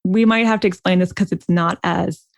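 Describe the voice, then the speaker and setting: A woman's voice: on the low side, fairly even intonation, normal speed, creaky, no room sound. A woman co-hosting a casual advice podcast, talking in an agreeable way and laughing often. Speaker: podcast co-host.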